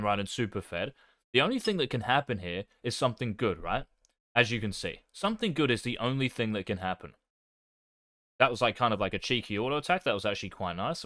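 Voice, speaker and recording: A man talks through his own gameplay in a casual coaching tone, tossing in swear words and jokes at his own expense. His voice sits on the lower side, recorded close and dry with no room sound. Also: fairly bright tone, no room sound. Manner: swears casually, self-deprecating. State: talking with his mouth full.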